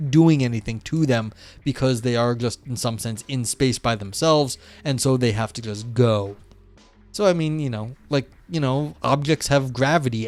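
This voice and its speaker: A man reading a philosophy text aloud on a live stream and commenting in a rambling way, full of "you know" and "like". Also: medium pitch. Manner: rambling, filler-heavy, frequent "you know" and "like".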